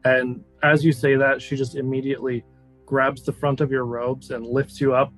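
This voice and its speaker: A man's voice: medium pitch, flat delivery, normal speed, faint music behind, poor audio. A man narrating as game master in a casual, loose way, with frequent fillers.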